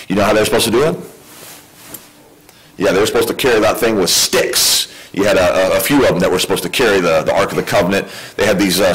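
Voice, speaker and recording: A man delivers a sermon in a relaxed, conversational way. He keeps asking his listeners questions, and his voice sits at a middle pitch. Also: low-quality recording. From United States. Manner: conversational preaching, asks the congregation questions. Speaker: pastor.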